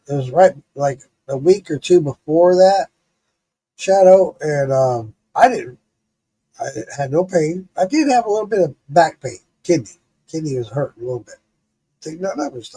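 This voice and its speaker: A man's voice: fairly high pitch, breathy edge. A middle-aged man streaming live, telling a story in a casual, profane way, laughing often. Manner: profane, laughing, animated retelling.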